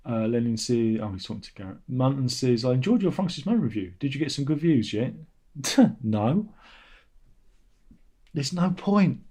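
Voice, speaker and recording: This channel host, a middle-aged man, runs a laid-back livestream with a mellow, expressive voice at normal speed. He grumbles sardonically and imitates commenters with a whiny, high-pitched voice.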